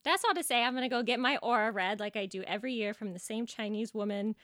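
A woman's voice: fairly high pitch, quick pace, a bit bright, no room sound, clean studio sound. A woman co-hosting a podcast in playful, casual chat, with lots of "like" in her talk. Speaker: podcast co-host.

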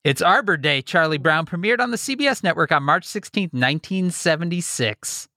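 A man's voice: a little high, expressive, bright, forceful tone, dry recording. A man co-hosting a podcast from his basement, chatting casually and reeling off plugs with dry humor. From Chicago. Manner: wry, rattles off plugs quickly. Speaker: podcast co-host. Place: home basement.

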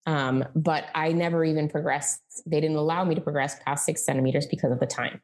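Sharing her own story in casual conversation on a podcast, a woman in her thirties speaks openly, sprinkling in plenty of "like" and "um." She has a deep, slightly mellow voice with a steady tone and a somewhat quick pace.

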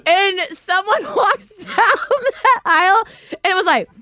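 A middle-aged woman hosting a podcast, telling stories in casual chat on a live stream, animated and laughing often as she acts out quotes. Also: extremely high pitch, takes it slowly, no echo, studio quality. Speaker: podcast host.

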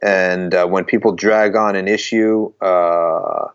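A man's voice: low-pitched, steady tone, slow pace, clean tone, highs cut off. A man talking in an earnest, emphatic way as a guest in a conversation, often circling back and restarting his phrases. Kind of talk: conversational talk.

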